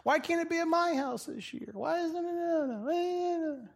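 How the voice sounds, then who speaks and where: A man's voice: very high voice, slow pace, gravelly, pitched above the performer's own voice, full character voice. A man acting out an elderly complainer who wails and whines like a toddler. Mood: wailing. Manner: wailing, sobbing, whiny.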